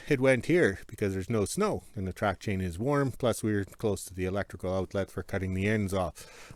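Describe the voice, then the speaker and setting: A homesteader vlogger with a mid-range voice, recorded without echo, walks around his workshop and yard in the cold north. His narration is casual, rambling and folksy, and he corrects himself as he goes.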